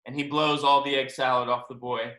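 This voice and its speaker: A man, a children's book author, reading a picture book aloud to young children over a video call, animated and chatty, in an echoey room. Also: mid-range voice, a little fast. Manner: animated, chatty storytelling to kids.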